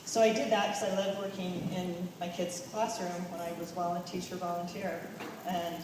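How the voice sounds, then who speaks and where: A woman's voice: fairly low pitch, little pitch movement, moderate pace, background noise. A woman in her fifties, a first-grade teacher, candidly and chattily telling her story with hesitant fillers. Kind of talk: casual personal account at a reunion. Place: large reunion hall. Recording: echoey hall from far off with room ambience.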